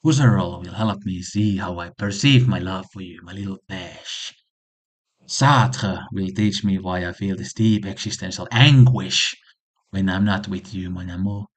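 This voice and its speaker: A man putting on a lovesick Frenchman with an exaggerated French accent, reciting flowery declarations slowly and breathily. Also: low-pitched, a little mellow. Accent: put-on French accent. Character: gushing lovesick Frenchman reciting love letters.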